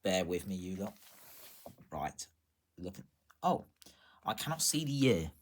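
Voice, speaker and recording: A man casually showing his coin collection, chatty and self-deprecating, pausing to check dates. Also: low-pitched, sing-song. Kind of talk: casual show-and-tell narration.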